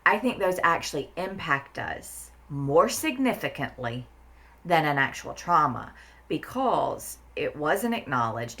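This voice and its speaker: A woman's voice: deep voice, a bit bright. A woman talking in a casual podcast conversation, blunt and emphatic, swearing freely and repeating words for stress. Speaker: therapist guest.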